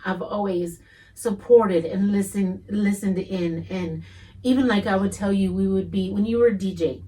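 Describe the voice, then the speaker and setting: A middle-aged woman co-hosting a podcast, chatting casually in a warm, emphatic way. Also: medium pitch, distant mic, rough recording. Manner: warm, emphatic, laughs easily. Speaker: podcast co-host. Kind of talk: casual chat.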